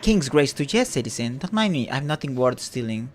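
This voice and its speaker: A man's voice: mid-range voice, very animated, fairly quick, faint music behind, lightly acted. A man doing a wary, defensive poor woman.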